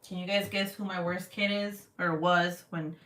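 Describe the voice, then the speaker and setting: A woman in her thirties hosting a livestream, telling animated, profane family stories and reading out viewer comments in casual chat. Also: on the low side, normal speed. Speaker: livestream host. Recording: roomy, distant from the mic.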